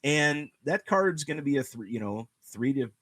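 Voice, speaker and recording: A man hosting a casual podcast chat with a lively, swooping voice that climbs high when he gets going. He rants with emphatic repetition. The sound is dry and close. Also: moderate pace, husky, dry recording. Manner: animated, ranting, lots of "you know" and "guess what". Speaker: podcast host.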